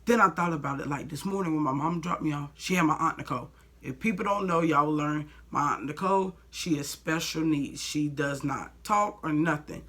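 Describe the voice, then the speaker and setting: Bright, forceful young woman telling a story. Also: low voice, a little fast. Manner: blunt, heated storytelling with frequent "like" and profanity. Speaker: vlogger. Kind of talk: storytime vlog.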